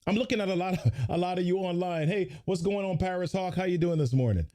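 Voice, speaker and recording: Hosting a morning motivational livestream, a man with a high, dark-toned voice talks fast, greeting viewers by name and energetically leading them through repeated affirmations.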